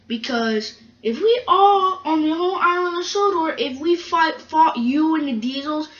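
A woman's voice: high voice, fairly bright tone, roomy sound, recorded from a distance, dull audio. A woman voicing a stern male steam engine who lectures his friend in a fan-made toy train story, with repeated questions.

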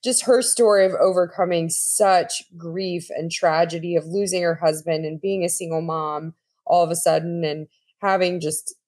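A woman guest on a faith-based podcast, telling a story in an earnest, animated way. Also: fairly low pitch, moderate pace. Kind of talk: casual faith-based conversation.

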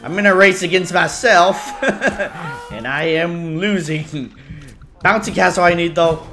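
A man's voice: high voice, slow, pauses often, sharp tone, soft background music. A young man giving casual, goofy gameplay commentary as a YouTuber, laughing often between his remarks. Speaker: gaming YouTuber.

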